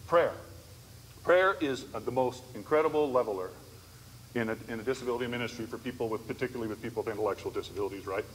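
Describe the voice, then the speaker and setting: Speaking quickly at a medium pitch, a man delivers a conversational lecture on disability ministry at a church conference. He tells stories and keeps checking in with the audience, often tossing in "right?" The hall is echoey, with faint noise in the background.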